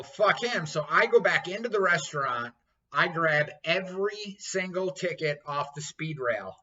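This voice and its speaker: A man's voice: a little high, sharp tone. A man in his fifties, a chef, telling a story in casual chat, blunt and profane. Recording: dull lo-fi sound.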